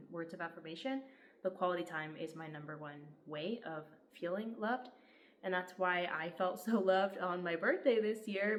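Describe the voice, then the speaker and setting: Young woman, lowish voice, earnest and gushing, casual book vlog, faint hiss behind. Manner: enthusiastic, heartfelt, lots of "like". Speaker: book vlogger.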